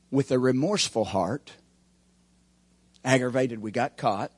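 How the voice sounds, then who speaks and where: A male preacher delivers a sermon. His voice is husky, and he keeps checking in with the congregation through rhetorical questions. He swings between loud emphatic builds and quiet, low asides. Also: a little slow, long pauses. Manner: call-and-response preaching, rising and falling emphasis.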